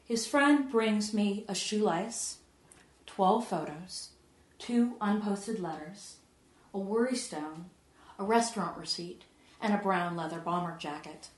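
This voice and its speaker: Woman poet reading her stuff real slow, lowish voice, soft and hushed, echoey room. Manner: measured, soft, often dropping to a hush. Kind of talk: poetry reading to an audience.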